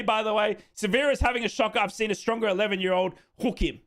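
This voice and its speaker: A man's voice: high-pitched, steady tone, fast talker, a bit bright. An Australian man hosting a live football watchalong, chatting casually and reading out fan comments. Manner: chatty, jokey, repeats himself, says "mate".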